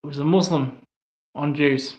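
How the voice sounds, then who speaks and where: A man's voice: fairly high pitch, fairly even intonation, normal speed, a little mellow. A man with an Australian accent giving a blunt, angry opinion monologue, swearing often as he talks. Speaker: online commentator. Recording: echoey, slightly dull room sound.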